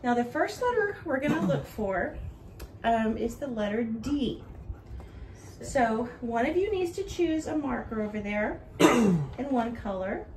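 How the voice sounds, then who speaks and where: A woman teaching a home video lesson for young children, with a bright sing-song teacher voice that goes slow and clear for the kids. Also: a little high, expressive, noisy background.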